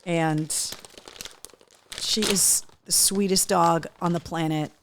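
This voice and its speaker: A woman's voice: lowish voice, slow, background noise. A woman hosting a live talk show, chatting casually while opening gifts and cooing at a dog. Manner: animated, coos and baby-talks to a dog.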